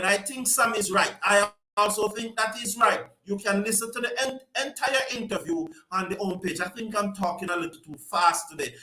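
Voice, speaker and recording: A high-pitched, bright-toned man chatting on a live stream. He reads viewer comments and greets people by name as he talks. The sound is echoey, like a bare room. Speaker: host reading viewer comments.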